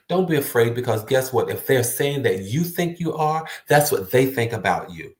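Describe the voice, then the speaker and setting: A man's voice: medium pitch, expressive, normal speed, few pauses. A man giving an earnest, emphatic motivational talk to the viewer, repeating words for stress. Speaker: motivational speaker. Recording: roomy echo.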